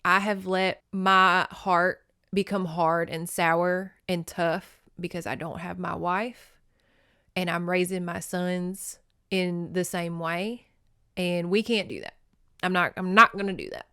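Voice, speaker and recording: A woman quoting a widowed father admitting his heart has hardened, in a slowed, earnest way. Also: fairly low pitch, fairly even intonation, pushed and bright, clear, resonant tone, no room sound, clean studio sound, exaggerated voice. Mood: remorseful. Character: grieving widowed father, gruff man.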